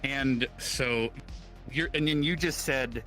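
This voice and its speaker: A man's voice: medium pitch, slow pace, pushed and bright, soft background music. Hesitant man asking questions in roleplay. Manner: hesitant, questioning, clarifying, lots of sighs. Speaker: roleplay player as a medic. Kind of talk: casual in-character roleplay chat.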